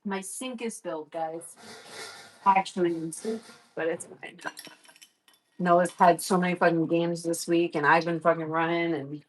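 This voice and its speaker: A young woman chatting casually as she cooks in her home kitchen, swearing freely and telling stories in a lively way. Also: lowish voice, a little slow, slight background noise, rough recording. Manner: chatty, profane, animated storytelling. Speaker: vlogger. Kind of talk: casual cooking vlog chat.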